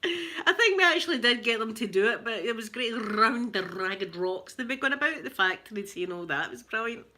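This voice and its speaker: A Glaswegian woman in her forties chats with her live-stream viewers, joking as she goes and breaking into laughter. Her voice is bright, and her tone is light and lively throughout. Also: a little high, fast, hardly any pauses. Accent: Glaswegian Scottish. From Scotland. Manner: chatty and joking, with bursts of laughter. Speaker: livestream host chatting with viewers. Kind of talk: casual live-stream chat.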